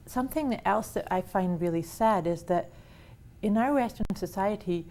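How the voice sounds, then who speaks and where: Mellow-voiced woman hosting a wellness chat. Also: medium pitch, normal speed. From Canada. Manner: enthusiastic, frequent restarts. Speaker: host. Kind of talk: casual conversation on wellness.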